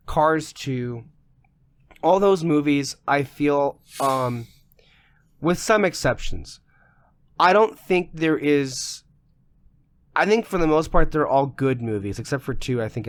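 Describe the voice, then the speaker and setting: Losing his voice, a podcast co-host rants emphatically and with plenty of profanity during a casual discussion, his fairly high, smooth voice growing a little worn.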